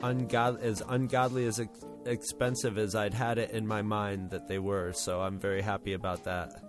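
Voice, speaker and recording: A man's voice: lowish voice, level tone, normal speed, over music. A man co-hosting a casual podcast on a studio microphone, making wry jokes. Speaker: podcast co-host. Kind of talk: casual chat.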